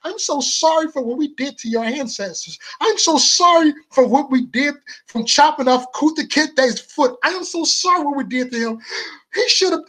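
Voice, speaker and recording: A man's voice: very high voice, animated, normal speed, sharp tone, pitched above the performer's own voice, exaggerated voice. A man voicing an overly apologetic activist who simpers and apologizes in a mock-tearful tone. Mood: simpering.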